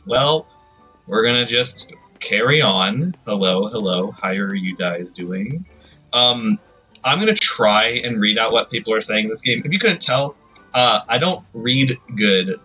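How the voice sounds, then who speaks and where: Male streamer, rambling self-deprecating chatter, breathy voice with a forceful brightness. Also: on the low side, dull audio. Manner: rambling, self-deprecating, talks to himself while playing. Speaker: streamer playing a video game. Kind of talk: casual live-stream chat.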